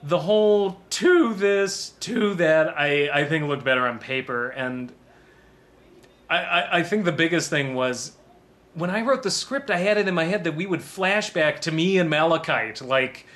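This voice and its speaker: A man's voice: on the high side, animated, unhurried, a bit bright. A man giving a casual DVD commentary on his own film, rambling and self-deprecating and laughing often.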